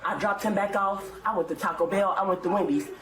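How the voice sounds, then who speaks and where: A woman's voice: mid-range voice, quick pace. A middle-aged grandmother complaining to a police officer in an indignant, emphatic way. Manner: indignant, emphatic, quotes herself. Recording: echoey room, far from mic, crowd noise.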